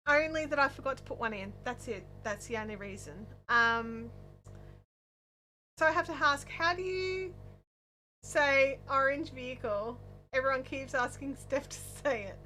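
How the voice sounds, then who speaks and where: A woman's voice: high-pitched, unhurried, bright, forceful tone, slight background noise. A woman with an Australian accent, hosting a casual crafting livestream and chatting with viewers in a rambling way with lots of fillers. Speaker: crochet livestream host. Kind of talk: casual chat reading viewer comments.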